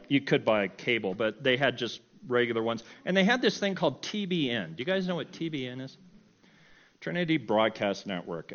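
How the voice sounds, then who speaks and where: A middle-aged man telling a personal story in a sermon, animated and self-mocking, often breaking into laughter. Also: mid-range voice, muffled recording. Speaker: preacher.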